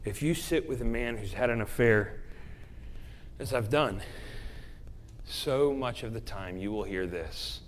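A man preaching a sermon, swinging between hushed, whispered lines and loud, emphatic passages. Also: mid-range voice, animated, normal speed, slight background noise. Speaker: pastor.

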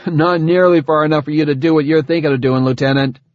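A man voicing a sarcastic, gruff male soldier in an audiobook, with sardonic remarks. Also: a little high, steady tone, fast, dry recording, pitched above the performer's own voice, close to an everyday voice. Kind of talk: audiobook character voice. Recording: dull dry lo-fi recording.

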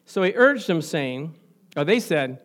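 A man preaching a sermon as pastor, chatty and questioning, shifting from soft asides to loud fervent emphasis with frequent laughter. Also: fairly high pitch, very animated, a little slow. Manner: conversational, quizzes the congregation, laughs often.

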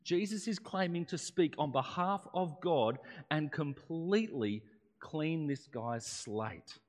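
A man preaches in a relaxed, conversational way, his slightly high voice rising and falling a great deal. His words carry a long reverb, as if spoken in a large hall. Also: slow. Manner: conversational preaching with rhetorical questions. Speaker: pastor. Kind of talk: sermon.

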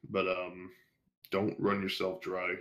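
A man's voice: deep voice, completely flat delivery, takes it slowly, fairly bright tone. A man being interviewed on a podcast, chatting casually and rambling with jokes and swearing. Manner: rambling, profane, joking. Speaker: podcast guest, fan fiction writer.

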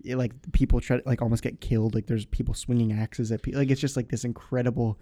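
A man's voice: mid-range voice, little pitch movement, fast, warm tone. A young man chatting casually as a podcast guest, rambling and filling his talk with "like.". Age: young adult. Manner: rambling, full of "like" fillers. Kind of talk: casual chat.

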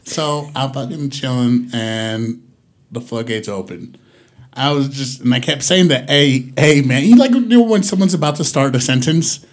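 A young man telling a long story in casual, profane chat, rambling and loudly acting out the quotes. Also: mid-range voice, animated, moderate pace.

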